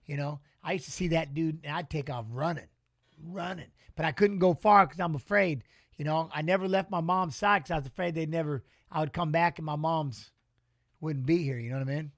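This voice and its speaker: A man's voice: a little high, normal speed. A middle-aged man giving casual live fight commentary in a rambling, emotional, salty way. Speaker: watch-along commentator.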